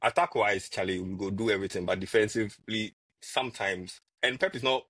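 A man talks football casually as a podcast co-host. His voice sits low and sounds husky. He gets animated and repeats words when he argues, and the sound is dry. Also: brisk, no room sound.

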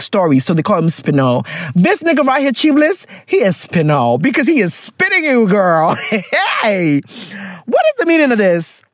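A podcast host, a woman, reads a listener letter aloud in casual chat. Her pitch swings up and down with every comment, and her blunt, joking manner keeps cutting into the text. The recording is dry and close, with no room sound. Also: no echo.

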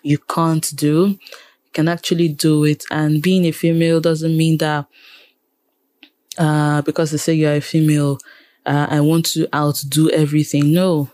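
A woman's voice: low voice, little pitch movement, measured pace, dark tone, no room sound. A Nigerian woman, a radio presenter, talking animatedly in a casual interview and repeating phrases for emphasis. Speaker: radio presenter and programmer, guest.

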